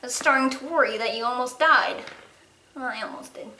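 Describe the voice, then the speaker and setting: A woman's voice: fairly high pitch, brisk, pushed and bright, roomy sound. A woman improvising a toy-horse role-play, playfully switching between character voices and giggling now and then. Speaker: toy horse video creator voicing every character.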